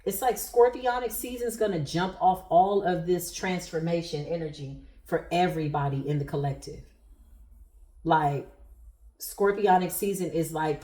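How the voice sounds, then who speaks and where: A woman's voice: on the low side, warm tone, roomy sound. A woman giving a spiritual tarot reading to viewers, speaking in an emphatic, preacher-like cadence. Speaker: tarot reader.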